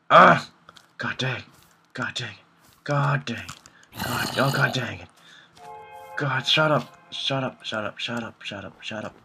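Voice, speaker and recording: A man's voice: lowish voice, sharp tone, a little hiss or hum. A young man commentating his own video game play, panicky and talking to himself, repeating words in frantic bursts. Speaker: gameplay commentator. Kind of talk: live gameplay commentary.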